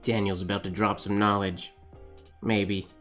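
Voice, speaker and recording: Chatty man, low-pitched voice. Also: level tone, unhurried, faint music behind. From Canada. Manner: chatty, thinks aloud, laughs often, answers viewers. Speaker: calligraphy livestream host. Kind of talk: casual chat while writing live.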